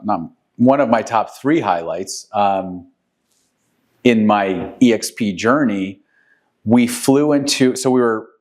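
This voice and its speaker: A man from New York City, co-hosting a podcast, telling a long rambling story full of ums and self-corrections. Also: on the low side. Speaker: podcast co-host, real estate agent. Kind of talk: casual storytelling chat.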